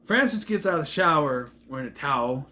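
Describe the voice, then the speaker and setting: A man's voice: a little high, animated, brisk, pushed and bright. A man casually recapping a movie, rambling and trailing off into asides. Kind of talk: casual film recap commentary.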